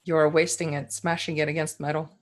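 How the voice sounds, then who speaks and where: A game master voicing a quiet, otherworldly chosen woman in a tabletop game, speaking softly and calmly. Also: medium pitch, fast talker, close to an everyday voice. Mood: soft, cryptic. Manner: soft, quiet delivery.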